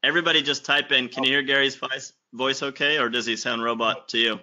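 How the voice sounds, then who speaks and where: A man's voice: mid-range voice, fairly even intonation, quick pace, pushed and bright. A man co-hosting a webinar over a video call, easygoing and a little hesitant as he sorts out audio trouble. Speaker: webinar co-host. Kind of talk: casual call chat. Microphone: computer audio on a video call. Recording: dull lo-fi online call audio.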